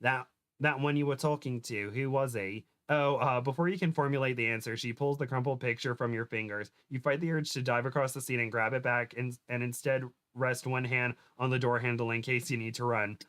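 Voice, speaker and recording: Host type, male, mid-pitched, reads fanfic aloud for laughs, trips over words. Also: steady tone, fairly bright tone. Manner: reads aloud with stumbles and giggles, quick voice shifts for quotes. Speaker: podcast host reading fan fiction aloud. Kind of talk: comedic dramatic reading.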